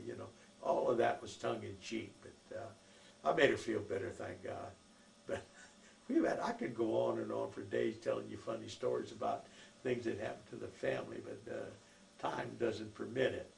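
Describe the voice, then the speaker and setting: Older man, deeply gravelly voice, rambling folksy family stories, echoey room, faint hiss. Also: lively intonation, moderate pace. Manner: rambling folksy storytelling with many fillers. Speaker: oral history narrator. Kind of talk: recorded life-story reminiscence.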